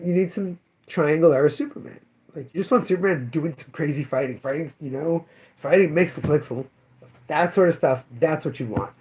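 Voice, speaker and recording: A man's voice: fairly high pitch, darkish tone, highs cut off. A man who runs a comic shop, telling customer stories in a casual, rambling way with many fillers and self-corrections. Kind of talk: casual spoken daily update.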